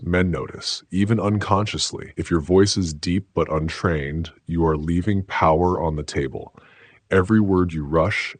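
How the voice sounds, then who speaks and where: A man giving scripted self-help narration in a slow, measured, declarative way. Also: low voice, breathy edge, dry recording.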